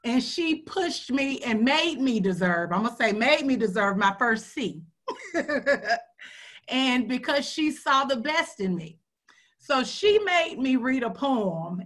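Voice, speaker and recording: A woman's voice: a little high, a bit bright. A woman radio host, hosting a video call in a heartfelt, earnest way. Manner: heartfelt, earnest, near tears at times.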